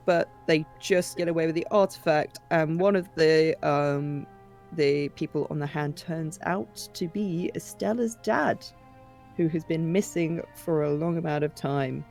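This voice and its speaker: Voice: medium pitch, moderate pace, vocal fry, darkish tone, soft background music. A player giving a casual recap of a tabletop game session, chatty and laughing, swearing freely.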